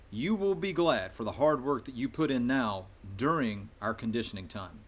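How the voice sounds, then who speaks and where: A man's voice: mid-range voice, fairly bright tone. A man speaking as a soccer coach, addressing his young players directly. He talks in a firm, emphatic way and leans hard on key words. Under the toughness his tone stays encouraging. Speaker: middle school soccer coach. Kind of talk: motivational welcome talk to players.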